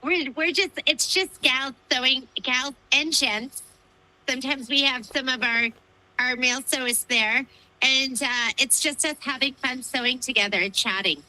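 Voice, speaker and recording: Woman, high-pitched, sharp bright tone, casual chatty livestream co-host. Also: measured pace, low-quality recording. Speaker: shop co-owner and livestream host.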